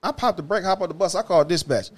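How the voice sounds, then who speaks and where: A man with a Detroit accent, a former bus driver hosting a podcast, telling wild stories in a loud, profane, animated way that drops to mutters. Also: high-pitched, fast talker. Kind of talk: casual storytelling chat.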